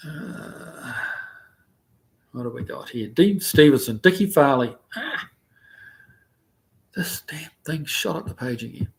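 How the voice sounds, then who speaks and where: A man's voice: on the high side, animated, slow, creaky, pauses often. A man with a New Zealand accent hosting a casual livestream, reading viewer comments aloud in a rambling, easygoing way with plenty of ums and uhs. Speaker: livestream host. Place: living in the United States.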